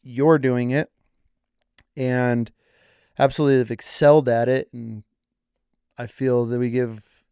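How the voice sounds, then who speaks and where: A man's voice: medium pitch, fairly even intonation, a little slow, long pauses, warm tone, clear, resonant tone, no room sound, studio quality. Laid-back, blunt man host. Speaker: podcast host. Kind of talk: casual chat.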